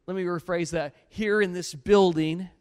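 A man preaching a sermon, telling a story with animated swings between loud bursts and low, earnest pleas. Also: moderate pace, clear, resonant tone, long reverb tail.

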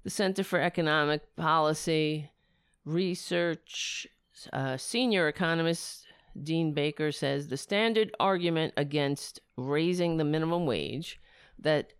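A woman hosting a political talk show, speaking in a sarcastic, rambling way while her voice is going hoarse. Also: deep voice, dry recording, clean studio sound. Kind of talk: casual opinion commentary.

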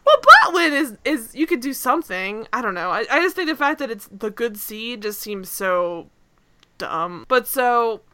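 A woman's voice: fairly high pitch, lively intonation, moderate pace, very noisy. A woman podcast host chatting casually about a TV episode, rambling with lots of fillers and asides. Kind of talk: casual TV recap chat.

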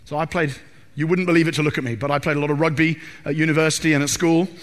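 Brief: preacher, high-pitched, animated and funny, echoing church hall. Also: male voice, very fast. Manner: animated, humorous, acts out film quotes. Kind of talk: sermon. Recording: reverberant hall.

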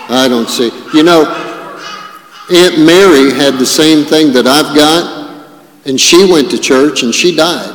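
A man preaching a sermon, working his congregation with quick asides and rhetorical questions. He takes his time over each phrase. His voice rings through a big church hall with a long, echoing tail. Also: mid-range voice. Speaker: pastor. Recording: echoey hall with long reverb.

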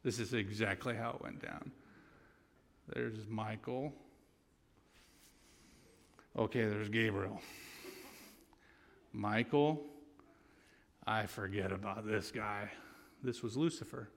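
A man's voice: on the low side, slow, long pauses, big-room sound. A man giving an earnest, conversational sermon with stories, ending in prayer. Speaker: guest preacher.

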